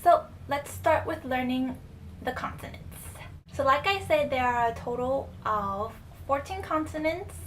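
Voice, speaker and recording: A woman's voice: on the high side, a bit bright. A young woman teaching a casual lesson, explaining patiently, repeating example words and using casual fillers. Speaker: language teacher. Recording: distant mic with faint room noise.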